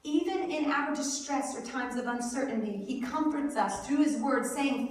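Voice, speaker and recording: High, lively woman preaching in an echoey hall. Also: normal speed, hardly any pauses. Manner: animated storytelling, acting out quotes. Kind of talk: Easter sermon. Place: church hall. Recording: echoey hall, mic at a distance.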